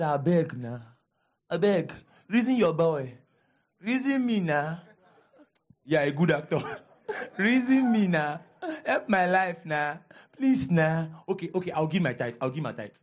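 A man's voice: on the high side, expressive, measured pace. A man with a Nigerian accent voicing a pleading male churchgoer who begs God for favours in a whiny, wheedling way. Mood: begging.

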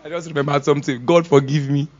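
Pastor, man; high, animated preaching that acts out scenes and voices, laughs often; slightly dull lo-fi recording. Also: fast. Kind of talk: sermon. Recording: dull lo-fi sound.

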